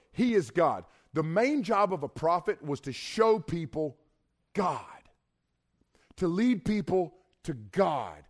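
Animated male preacher, colloquial storyteller, voice a bit high. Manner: animated, colloquial, speaks to listeners directly. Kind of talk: storytelling sermon.

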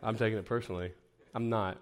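A man's voice: lowish voice, steady tone, fast, a little hiss or hum. A man leading an informal teaching session for preachers at a camp, talking conversationally with self-deprecating asides and frequent restarts. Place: camp meeting room.

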